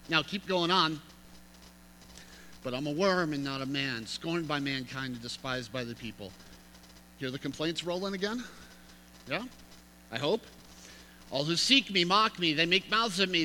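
A man's voice: high voice, animated, normal speed, sharp tone. A man preaching a sermon, reading scripture aloud with emphatic rises and chatty asides to his listeners. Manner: emphatic, reads scripture aloud with rising intensity. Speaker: pastor.

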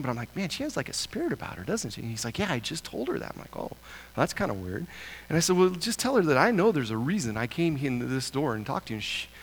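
Man, gravelly voice, animated storyteller acting out quoted voices, long hall echo. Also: mid-range voice. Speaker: church member sharing a mission testimony. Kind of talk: storytelling testimony.

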